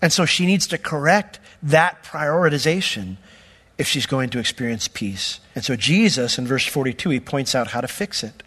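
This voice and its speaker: A man's voice: mid-range voice, lively intonation, normal speed, a bit bright, slightly rough, big-room sound. A man preaching an expository sermon, explaining scripture word by word with emphatic, conversational asides. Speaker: pastor. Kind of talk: sermon teaching.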